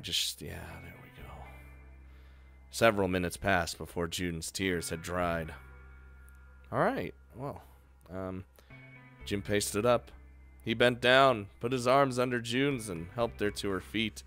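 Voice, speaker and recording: A man's voice: mid-range voice, pushed and bright, smooth. A young man reading a video game's text aloud and adding casual, joking commentary, with occasional swearing. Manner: joking, swears, laughs between lines. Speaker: let's play player.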